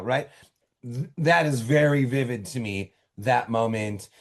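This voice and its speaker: A middle-aged man, an author, talking casually from his home office in an interview, telling stories in an animated way with quick asides and restarts. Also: medium pitch. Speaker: author guest.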